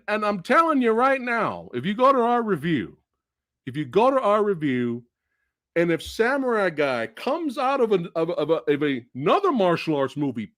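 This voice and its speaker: Animated, profane man ranting about films. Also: high voice, dry recording, clean studio sound. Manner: animated, profane, shouting bursts. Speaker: movie review host. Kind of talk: excited film review rant.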